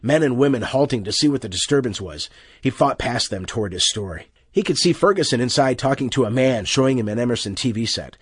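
A man narrates an audiobook with tense, expressive storytelling. His husky voice moves across a wide pitch range, and the dry, close sound leaves no room echo. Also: fairly quick.

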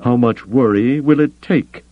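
A man's voice: low voice, very animated, measured pace, narrow, tinny audio, pitched above the performer's own voice. A man voicing a furred alien male counselor who is contemptuous and vicious, talking with a hiss and a snarl. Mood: outraged. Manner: hissing, snarling.

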